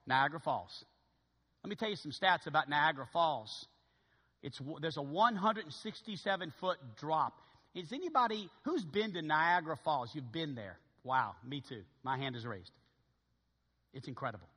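A man preaching a sermon to his church, animated and swinging from loud calls to hushed asides. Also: fairly high pitch, moderate pace, husky, long reverb tail. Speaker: pastor. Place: church sanctuary.

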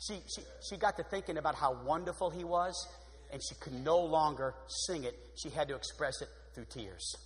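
Male preacher with a high voice and an animated sermon delivery, recorded with a long hall reverb. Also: normal speed. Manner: animated, shifts from loud exclamations to hushed prayer voice. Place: church sanctuary. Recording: long echo of a large hall.

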